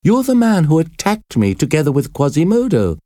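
A man reading a story voices a frightened, defiant young woman prisoner, speaking high, pleading and trembling. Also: huge pitch swings, normal speed, mellow, no echo, studio quality. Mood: accusing.

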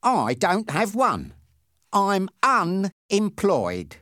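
A man doing an excitable rat-faced hitchhiker. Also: slow pace, no echo, studio quality. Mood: defensive. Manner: high, excited cheering and shouting. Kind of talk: audiobook character reading.

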